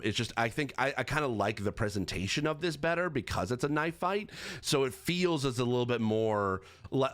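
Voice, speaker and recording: A gaming accessibility reviewer offers casual commentary on a game, rambling along with plenty of fillers, restarts and self-corrections, and he has the hiccups. His medium-pitched voice is clean and fairly bright.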